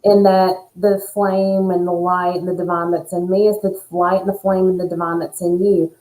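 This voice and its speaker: A woman who is a nurse and spiritual coach, talking in an earnest, animated way in casual conversation. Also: on the low side, moderate pace, reverberant, low-quality recording. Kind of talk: casual chat.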